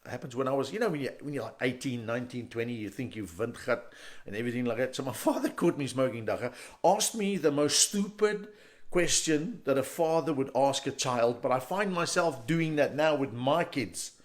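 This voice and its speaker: Animated South African man doing stand-up. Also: mid-range voice, fairly quick. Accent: South African English. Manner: animated storyteller, jumps into loud character voices. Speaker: stand-up comedian. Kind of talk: stand-up comedy set.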